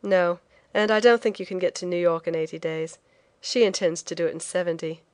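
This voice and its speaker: A woman reading a brisk, blunt male shipping agent. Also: lowish voice, darkish tone, dry recording, close to an everyday voice. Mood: insistent. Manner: brisk, insistent.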